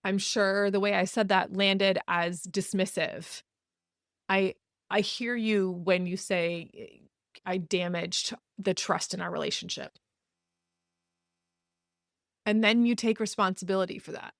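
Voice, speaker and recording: A woman's voice: mid-range voice, steady tone, unhurried, long pauses, fairly bright tone, dry recording, clean studio sound. A woman hosting a podcast, talking frankly in a casual advice monologue, often laughing and acting out example apologies in quotes. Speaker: podcast host.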